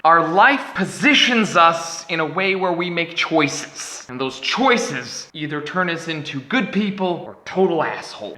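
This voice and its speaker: A man vlogging to camera, telling a comic story in an animated, exaggerated, self-mocking way. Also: sits high, a little slow, hardly any pauses. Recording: echoey room.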